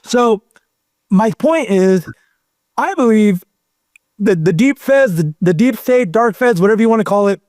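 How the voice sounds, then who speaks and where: High-voiced rambling storyteller man. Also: unhurried, long pauses, no room sound, clean studio sound. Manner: rambling, animated storyteller who acts out quotes. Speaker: podcast guest. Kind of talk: casual storytelling chat.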